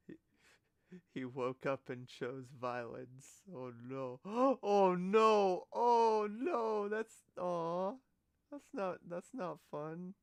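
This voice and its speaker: A woman's voice: on the low side, lively intonation, very slow, a little mellow, smooth, no echo. A woman streamer in a casual live-stream reaction, giggly and gushing, often exclaiming and trailing off mid-sentence.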